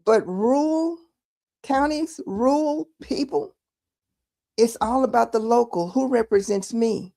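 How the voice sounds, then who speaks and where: A woman's voice: a little high, slow pace, creaky, dark tone. A Texan woman giving casual political commentary, emphatic and repeating words for stress. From Texas.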